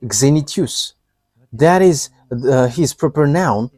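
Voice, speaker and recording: Halting, lively-pitched male preacher. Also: dry recording. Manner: halting, many fillers and restarts. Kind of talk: informal sermon talk.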